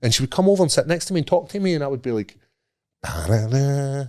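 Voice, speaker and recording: A man's voice: fairly high pitch, expressive, racing. A Scottish man co-hosting a podcast, telling a sweary, laughing anecdote and putting on the voices of the people in it. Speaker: podcast co-host. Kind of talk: casual storytelling.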